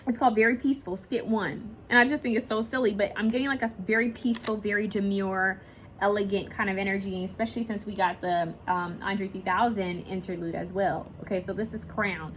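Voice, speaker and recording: A woman giving a casual pick-a-picture card reading, chatty and rambling, often pausing to search aloud for a word. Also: mid-range voice, fairly even intonation, a little hiss or hum. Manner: swears and laughs casually while talking. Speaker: tarot card reader.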